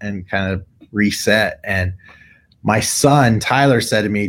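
Middle-aged male guest, low voice, animated storyteller who mimics others' lines. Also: unhurried. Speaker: guest, tattoo artist. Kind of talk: storytelling in casual conversation.

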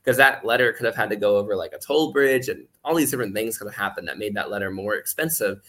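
On a casual podcast, a guest with a lowish, fairly bright voice talks at a quick pace. He meanders through his explanations with lots of "like," acting out quoted voices along the way.

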